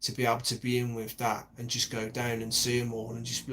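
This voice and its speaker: A man's voice: mid-range voice, monotone, a little fast, few pauses, fairly bright tone. A man in his forties, rambling in a casual monologue with heavy swearing and many restarts.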